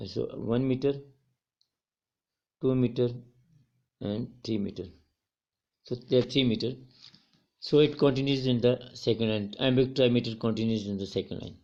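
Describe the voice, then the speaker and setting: A man's voice: mid-range voice, darkish tone, muffled recording. A male college English teacher giving a recorded poetry lecture to students, often repeating and correcting his words as he explains.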